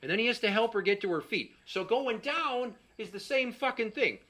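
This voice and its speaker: A man's voice: sits high, moderate pace, pushed and bright. A middle-aged man doing a stand-up set, telling a profane, exasperated story and acting out the quotes. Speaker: stand-up comedian.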